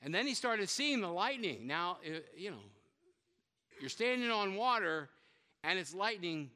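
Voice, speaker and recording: A man preaching a sermon as a pastor, telling the story with lively voices for the characters and joking with his listeners. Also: high-pitched, measured pace, long reverb tail. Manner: lively storytelling, acting out quotes, joking with the congregation.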